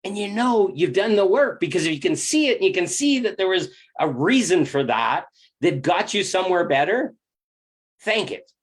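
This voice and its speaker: A man's voice: high-pitched, big pitch swings, normal speed. A man giving a reflective spiritual self-help monologue, candid and emphatic, swearing freely and often repeating words as he thinks aloud.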